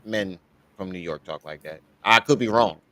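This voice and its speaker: A man's voice: low-pitched, normal speed, pushed and bright, no room sound. A man hosting a livestream, reacting to clips with casual commentary, laughing often and talking profanely. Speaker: livestream host.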